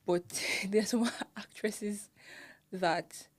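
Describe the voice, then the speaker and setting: A Nigerian woman with a Nigerian accent co-hosting a podcast in casual chat, animated, laughing often and mimicking pronunciations. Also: mid-range voice, very slow. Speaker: podcast co-host.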